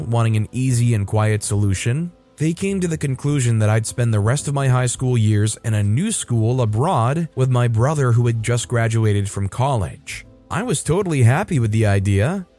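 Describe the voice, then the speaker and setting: A man reading a first-person story aloud in a steady, scripted narration. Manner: steady first-person storytelling, puts on a higher voice for quoted women. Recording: soft music bed behind. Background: faint background music.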